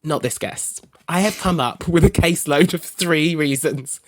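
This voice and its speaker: A man's voice: on the high side, normal speed, no echo. A man chatting as a podcast guest, gossipy and enthusiastic, joking as he talks. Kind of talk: casual podcast chat.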